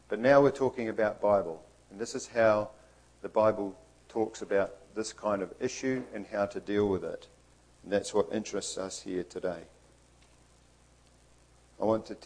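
A man's voice: lowish voice, darkish tone, poor audio. Earnest male preacher giving a sermon. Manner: earnest, emphatic, acts out quotes.

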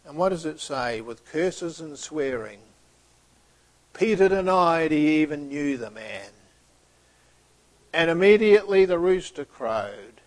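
A man preaching a sermon, retelling a story and acting out the dialogue, sometimes dropping to a hushed near-whisper. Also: on the high side, lively intonation, slow pace, long pauses.

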